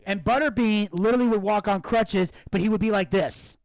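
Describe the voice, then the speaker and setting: A man hosting a podcast, telling stories in a casual, animated way, swearing freely. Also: high voice, a little fast, dry recording. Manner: animated storyteller who acts out quoted voices. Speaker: podcast host. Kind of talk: casual storytelling chat.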